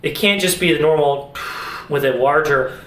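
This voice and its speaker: A young man talks through a casual music lesson to his camera, relaxed and explaining as he goes. His voice sits a little high. The room around him is echoey. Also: moderate pace. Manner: relaxed, explains while demonstrating on an instrument. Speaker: music teacher.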